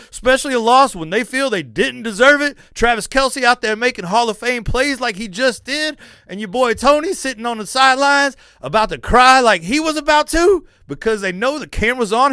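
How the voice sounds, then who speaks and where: A man's voice: very high-pitched, clean tone, no echo, studio quality. Heated, foul-mouthed man ranting about football. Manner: loud, heated, swearing freely, mocking. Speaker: podcast host. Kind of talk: profane sports rant.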